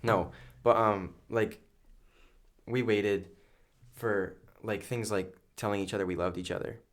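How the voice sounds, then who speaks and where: A young man with a notably deep, low-pitched voice chats casually as a podcast guest. He rambles earnestly, leaning on fillers as he tells his story. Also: steady tone, unhurried. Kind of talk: casual chat.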